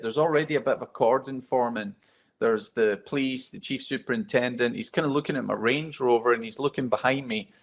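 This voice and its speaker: A man speaking from a stage, telling his stories in a candid, self-deprecating way. His voice sits at an ordinary middle pitch for a man, and he talks as if to a room full of listeners. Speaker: keynote speaker. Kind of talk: motivational talk to a live audience.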